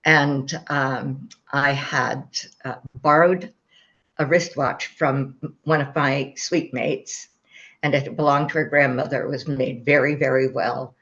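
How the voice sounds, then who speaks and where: A woman's voice: very deep voice, fairly even intonation, takes it slowly, fairly bright tone. An older woman telling a personal story in a rambling, casual way, with many fillers and a wry sense of humor. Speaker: guest telling her near-death experience. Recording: slightly dull, muffled sound.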